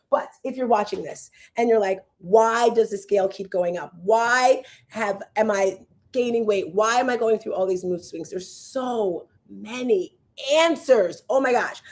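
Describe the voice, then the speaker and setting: A woman in her fifties hosting a show as a fitness coach, chatting casually and telling animated stories to her viewers. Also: on the high side. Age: 50s. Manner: animated storyteller, acts out voices and exclamations.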